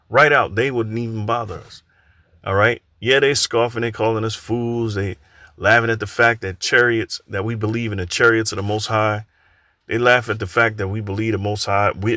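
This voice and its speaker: A man teaching from scripture in a halting way, often repeating words and saying "all right" between points. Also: on the low side, bright, forceful tone, no echo.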